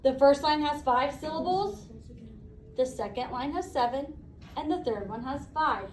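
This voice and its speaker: A woman teacher leading a classroom lesson, brisk and encouraging, asking the class questions. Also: sits high, lively intonation, roomy sound, recorded from a distance, slight background noise, rough recording.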